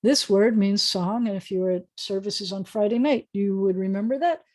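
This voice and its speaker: Lady rabbi on zoom, sounds out hebrew words slow and patient, chatty. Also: mid-range voice, a little mellow. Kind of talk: online Hebrew lesson. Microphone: video call.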